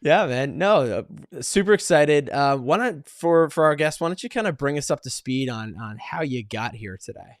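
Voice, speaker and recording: A man's voice: a little high, expressive, normal speed, hardly any pauses, no room sound, clean studio sound. A man hosting an interview show, upbeat and enthusiastic as he introduces and greets his guest. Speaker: host. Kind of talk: podcast host introduction and chat.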